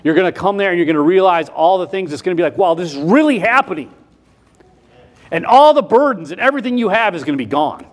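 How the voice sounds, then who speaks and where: A man preaching a sermon in a folksy, repetitive way, switching between loud emphasis and quiet asides. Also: high voice, lively intonation, racing, hardly any pauses. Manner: folksy, repeats himself with restarts.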